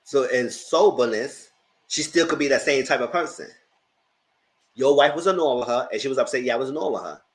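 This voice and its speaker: A man hosting a casual TV review, talking in an animated, blunt way and swearing freely. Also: mid-range voice, a little fast, low-quality recording. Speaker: show recap host.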